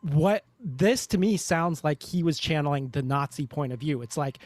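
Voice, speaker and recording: A man's voice: fairly high pitch, moderate pace, no echo. A man co-hosting a casual review podcast, talking in a wry, joking manner. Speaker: podcast co-host.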